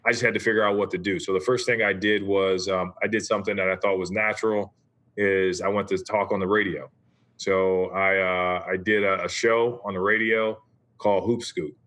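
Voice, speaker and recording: A man in his forties, a guest on a podcast, speaks with a bright, forceful tone that sits a little low. He tells his story in a relaxed, conversational way and often tags his points with "right?". The feel is a casual interview. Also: moderate pace. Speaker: podcast guest, former basketball player.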